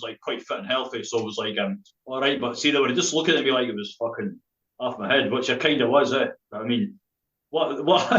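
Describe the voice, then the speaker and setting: A man's voice: mid-range voice, echoey room, lo-fi sound. A Scottish man with a Dundee accent, a spoken word poet telling a rambling, laughing story full of swearing and local slang. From Scotland.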